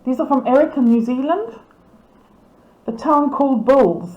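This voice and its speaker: A woman's voice: high voice, a little slow, roomy sound, highs cut off. A woman, casually commenting on club photos as she reads out titles and names, amused and laughing often. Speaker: camera club presenter.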